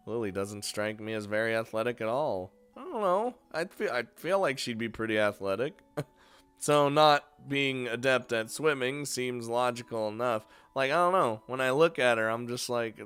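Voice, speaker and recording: A man's voice: mid-range voice, animated, moderate pace, a bit bright, smooth, faint music behind. A man reading a visual novel aloud with casual, profane commentary. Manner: casual, swears, laughs between lines. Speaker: let's play reader.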